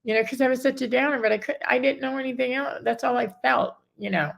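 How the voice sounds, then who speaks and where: Gravelly-voiced middle-aged woman, rambling. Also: high-pitched, fast talker, fairly bright tone. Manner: rambling, self-interrupting, acts out others' words. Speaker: guest. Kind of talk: emotional personal story in a casual chat.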